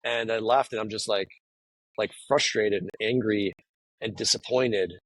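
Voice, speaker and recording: A man speaks in a low, husky voice, rambling through fillers and restarts as an interview guest. The sound is dry and close, with no room around it. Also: steady tone, unhurried, fairly bright tone, no room sound, rough recording. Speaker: guest, professional poker player. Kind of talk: casual conversation.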